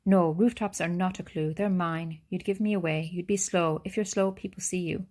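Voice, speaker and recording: A woman's voice: fairly low pitch, steady tone, normal speed, a little mellow, close to an everyday voice. A woman voicing a wary, cold boy who speaks curtly and matter-of-factly. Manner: curt, matter-of-fact.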